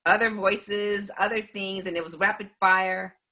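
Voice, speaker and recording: Slow, breathy woman telling her testimony. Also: mid-range voice, fairly even intonation, pushed and bright. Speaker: speaker giving a faith testimony. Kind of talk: personal testimony storytelling.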